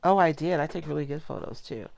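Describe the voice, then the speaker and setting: A woman's voice: low-pitched, quick pace, creaky, darkish tone, a little hiss or hum. A middle-aged woman chatting casually through a live craft demo at her home table, rambling and cutting herself off. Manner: chatty, rambling, self-interrupting. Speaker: craft product demonstrator.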